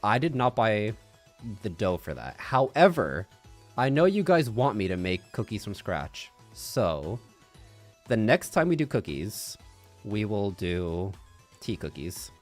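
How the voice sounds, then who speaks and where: Low-ish guy rambling on stream, bouncy up-and-down voice, binaural mic, faint music. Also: big pitch swings, slow pace. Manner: rambling, thinks aloud with hums and little laughs. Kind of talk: casual chat. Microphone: binaural microphone.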